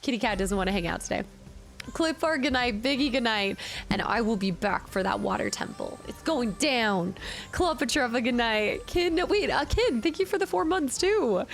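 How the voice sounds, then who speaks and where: A woman's voice: on the high side, lively intonation, moderate pace. Chatty woman streamer with a sick voice. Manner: upbeat, chatty, reads out and thanks viewers by name. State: sick-sounding voice. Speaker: game streamer. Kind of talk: casual stream sign-off chat.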